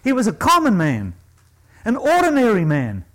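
A male preacher with a high voice that leaps up and down, delivering a sermon. He is emphatic and asks the congregation questions, dropping into low asides before climbing to ringing stresses. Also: huge pitch swings, moderate pace, a bit bright, low-quality recording.

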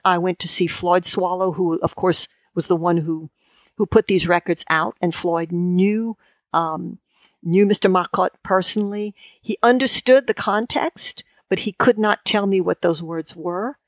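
A woman, a guest in a conversational interview, talking in halting bursts full of restarts and fillers. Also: on the low side, no room sound, clean studio sound. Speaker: guest lexicographer.

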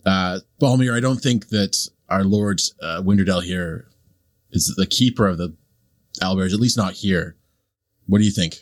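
A man's voice: low-pitched, moderate pace, no room sound, clean studio sound. A man playing a tabletop role-playing game, easygoing, asking the group what to do. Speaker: player. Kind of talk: casual tabletop role-play.

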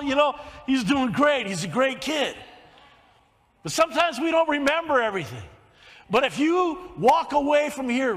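Very high-voiced older male preacher. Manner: storytelling, swings from soft to shouted emphasis. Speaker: pastor. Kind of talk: sermon. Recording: long hall reverb.

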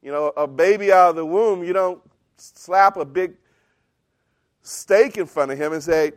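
A middle-aged man preaching a sermon as pastor, emphatic, swinging from loud bursts to hushed lines. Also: sits high, a little slow, no echo, studio quality.

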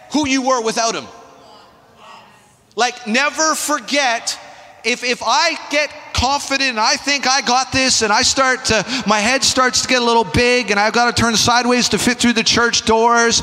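A male pastor preaching a sermon in an animated, emphatic, conversational way, with asides to the congregation, in a church sanctuary. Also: very high voice, in a large hall.

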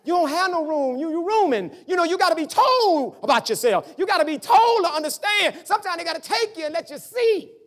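A man's voice: very high-pitched, a little fast, few pauses. A man preaching a sermon, telling family stories and acting out the voices of his parents. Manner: animated preaching with storytelling and voiced family dialogue. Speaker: pastor.

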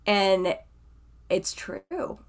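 A woman's voice: mid-range voice, lively intonation, very slow. A woman co-host asking a guest a question, curious and searching for words as she goes. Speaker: podcast co-host. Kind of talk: casual interview questions.

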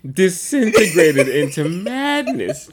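A man's voice: sits high, big pitch swings, slow, crowd noise. A man co-hosting a podcast, telling a family story in casual chat with lots of laughter. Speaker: podcast co-host.

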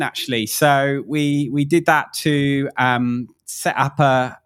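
A middle-aged man from Southeast London with a Mockney accent, a guest on a casual podcast, answering in a relaxed, hesitant way with many ums. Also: medium pitch.

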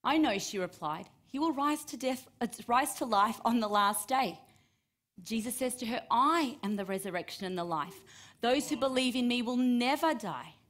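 A woman's voice: fairly high pitch, animated, normal speed, fairly bright tone. A woman preaching, reading and retelling a scripture story and acting out the quoted voices with rising emphasis.

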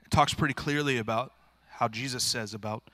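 Male pastor, informal earnest sermon delivery, tense bright tone. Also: medium pitch, a little fast, dry recording. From rural area. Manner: earnest, plain-spoken, informal with frequent restarts.

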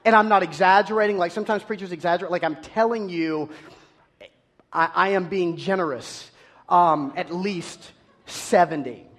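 A man preaching a sermon, telling an animated, self-deprecating story about himself. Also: high voice, normal speed.

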